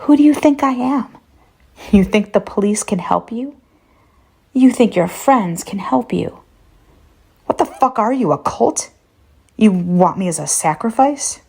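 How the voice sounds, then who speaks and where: A woman voicing a frightened, furious young man who defiantly yells and swears back. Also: medium pitch, animated, a little slow, vocal fry, long pauses, slightly rough, pitched above the performer's own voice, heavily acted.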